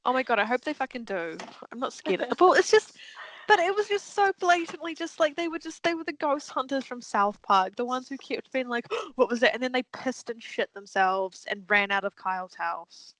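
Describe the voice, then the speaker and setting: A woman co-hosting a casual podcast chat, telling stories with animated flair, acting out what people said, and swearing freely. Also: sits high, moderate pace, slight background noise, rough recording. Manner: animated storytelling, acts out quotes, swears freely. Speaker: podcast co-host.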